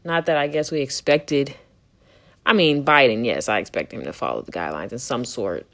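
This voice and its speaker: Here a podcast co-host with a bass voice and a fairly bright tone talks at normal speed. She chats casually about her opinions, swearing plenty, sounding exasperated, and laughing often.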